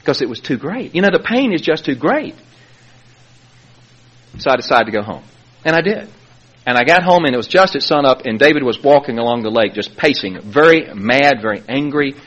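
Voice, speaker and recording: A middle-aged man giving personal testimony at a recovery meeting from a podium, telling his story animatedly and swinging from hushed to loud. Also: medium pitch, expressive, normal speed, highs cut off. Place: speaking at a podium.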